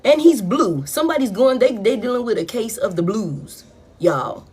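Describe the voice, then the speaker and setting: A woman, giving a collective tarot reading in a blunt, profane, animated way. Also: on the high side, moderate pace, slightly rough. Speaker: tarot reader.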